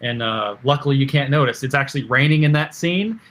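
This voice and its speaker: As a podcast guest, this film director shares behind-the-scenes anecdotes in a casual interview, his speech halting and heavy with fillers and restarts. His voice is medium-pitched with a fairly bright tone.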